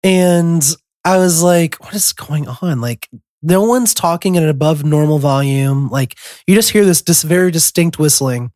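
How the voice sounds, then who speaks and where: Young man, podcast co-host, casual storytelling, ums and throat-clearing, dry close sound. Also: fairly high pitch, moderate pace, a little mellow, no echo. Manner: rambling, lots of ums and throat-clearing, laughs mid-story.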